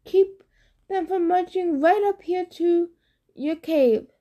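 A woman voicing a nervous male satyr pretending to be a bride, stammering in a squeaky falsetto. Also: slow, mellow.

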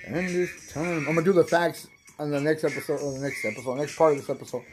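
A young man hosting a casual stoner podcast, high, rambling and profane, laughing often. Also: fairly even intonation, quick pace, music in the background. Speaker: podcast host.

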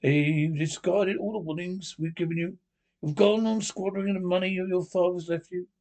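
A man's voice: high voice, steady tone, moderate pace, a little mellow. A man voicing a stern, solemn old male badger who talks in a grave, commanding way.

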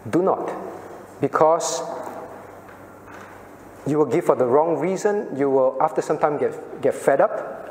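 An earnest male pastor teaching a class, his voice a little high for a man. He questions the group and calls on people by name. A long echo hangs in the church hall. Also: a little slow, pauses often, darkish tone, a little hiss or hum. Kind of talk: interactive Bible class teaching. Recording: echoey hall sound.

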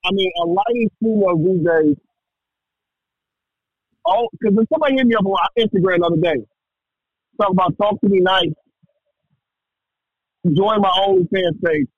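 A man with a high, husky voice rambles through crude podcast banter and keeps asking "you know what I'm saying." His mic sounds dull and lo-fi. It is dry, with no room echo. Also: normal speed, long pauses. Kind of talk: casual chat.

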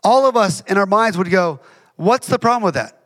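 High-voiced man preaching conversationally. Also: expressive, moderate pace, fairly bright tone. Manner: conversational, emphatic with repeated phrases. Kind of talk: sermon.

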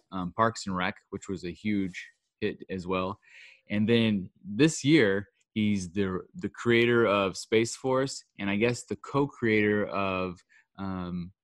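A man's voice: on the low side, takes it slowly, no room sound, clean studio sound. A man co-hosting a podcast, chatting casually and rambling through his opinions with fillers. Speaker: podcast co-host. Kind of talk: casual chat.

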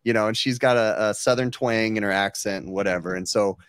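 A man co-hosting a podcast, telling a story over a remote call in a lively, swearing, casual way. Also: lowish voice, fairly quick, clean tone, dry recording, studio quality. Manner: animated, profane storyteller. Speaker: podcast co-host.

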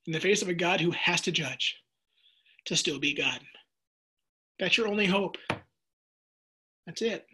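A man's voice: sits high, unhurried, long pauses, sharp tone, breathy edge. A middle-aged man preaching a sermon on the radio, passionate, stumbling and repeating words as he reads listener texts.

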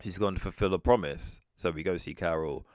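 A man's voice: low voice, fairly quick, darkish tone, clean tone, no room sound, studio quality. A man co-hosting a podcast, recapping a film in casual chat and acting out the characters' lines. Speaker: podcast co-host.

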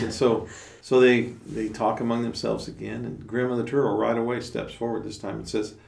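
Gravelly, low-voiced male storyteller. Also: slight background noise. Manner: relaxed, halting, with fillers. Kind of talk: oral storytelling. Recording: roomy, distant mic.

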